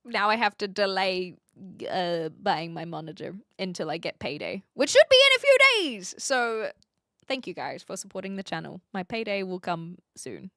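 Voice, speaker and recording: A woman's voice: fairly low pitch, a bit bright, no room sound, studio quality. A woman from New Zealand with a Kiwi accent, chatting casually with viewers on a live stream, upfront and laughing often.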